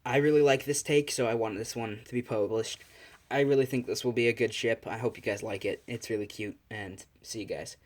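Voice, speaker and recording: A man's voice: medium pitch, steady tone, brisk. A man casually narrates a fan story recorded on a phone. He rambles and restarts often. He swears offhandedly. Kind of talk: casual spoken fan fiction.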